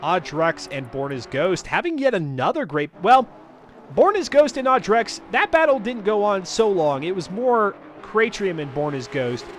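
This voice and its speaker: A high-pitched man calls a live sim race for his stream, drifting into chatty asides with his viewers. Noise hums steadily behind his voice. The delivery is loose and rambling. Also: very animated, normal speed. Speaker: race commentator and stream host. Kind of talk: live sim racing commentary.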